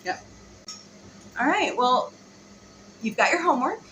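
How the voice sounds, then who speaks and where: A chatty woman hosts a relaxed home vlog, her bright voice bouncing around a roomy space. She talks loosely, filling pauses with ums. A faint hiss sits underneath. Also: high voice. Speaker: vlog host and mother. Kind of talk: casual chat. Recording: roomy, light background hiss.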